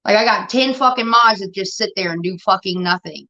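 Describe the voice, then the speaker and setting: Irritated with her moderators, a livestream host speaks bluntly and profanely in casual chat. She has a medium-pitched, brisk voice that sounds pushed and bright, and the audio is dull lo-fi stream quality.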